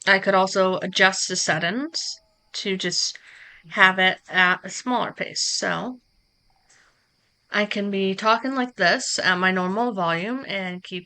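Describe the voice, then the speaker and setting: A woman streamer explains her setup in an unhurried, casual live tutorial, chatting with asides to her viewers. Her voice is bright and crisp, recorded close on a streaming mic. She takes her time over every step. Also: medium pitch. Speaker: streamer teaching streaming software. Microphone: streaming microphone close up.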